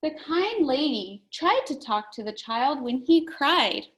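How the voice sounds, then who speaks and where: A woman leads a phonics lesson for young children, sounding out every letter with care. She speaks at a slow, deliberate pace in a fairly high voice, and she speaks clearly to the class. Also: lively intonation, a bit bright, slight background noise, rough recording. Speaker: teacher.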